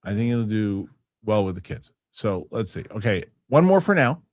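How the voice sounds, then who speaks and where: A man's voice: lowish voice, very animated, moderate pace, no echo, clean studio sound. A man hosting a casual podcast, telling a story with many restarts and some swearing. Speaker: show host.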